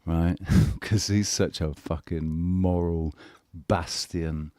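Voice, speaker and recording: A man's voice: deep voice, steady tone, slow, mellow, dry recording, clean studio sound. A man hosting a casual live panel chat, rambling, crude and joking. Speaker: live show host.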